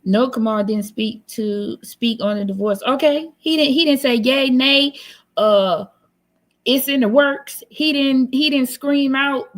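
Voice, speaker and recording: A woman's voice: high-pitched, measured pace. A woman hosting a live stream, talking in a blunt, teasing, sassy way in casual commentary. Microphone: computer mic on a live stream.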